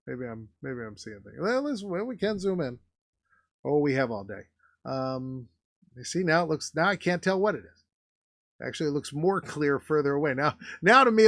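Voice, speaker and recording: Chatty man with a fairly high voice. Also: a bit bright, dry recording, studio quality. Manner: chatty, laughs between remarks. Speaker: nostalgia video host. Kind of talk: casual vlog commentary.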